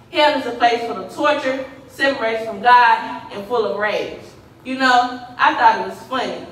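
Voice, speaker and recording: A woman's voice: on the high side, fairly bright tone. A woman performing spoken word poetry in a church, with a rhythmic, dramatic, pleading delivery. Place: church sanctuary. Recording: echoey church from a distant mic, faint noise.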